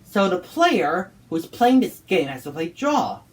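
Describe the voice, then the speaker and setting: A woman voicing a friendly male frog who lends his magic wand and explains the game rules in a bossy way, pitched a little above her narrating voice. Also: big pitch swings, a little slow, far from the mic.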